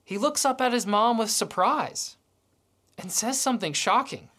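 A woman's voice: a little high, animated, normal speed, a bit bright, husky. A woman preaching a sermon, telling a story and acting out its dialogue.

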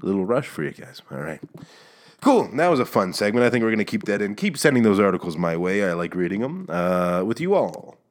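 Low-voiced male podcast host, sarcastic solo rant, stammery restarts. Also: sing-song, brisk. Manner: sarcastic, rambling, with stammered restarts and mock outrage.

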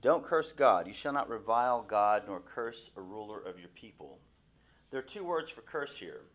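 A man's voice: lowish voice, expressive, normal speed, a bit bright. Questioning male Bible class teacher. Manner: asks the class questions, restarts often.

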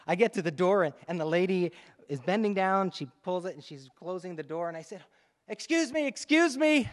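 A male pastor telling a lively story to his congregation during a sermon, in a conversational, animated way. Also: fairly high pitch, big-room sound. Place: church sanctuary.

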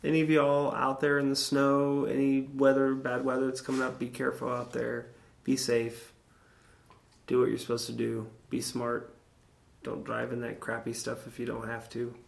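Gravelly man rambling as a podcast host. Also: mid-range voice, monotone, normal speed. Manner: rambling, jokey, crude humor, chats to listeners. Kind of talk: casual rambling monologue.

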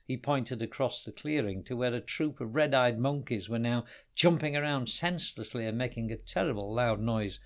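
A man reading a children's story aloud, with expressive storytelling. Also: medium pitch, moderate pace, few pauses. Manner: expressive, varied storyteller delivery.

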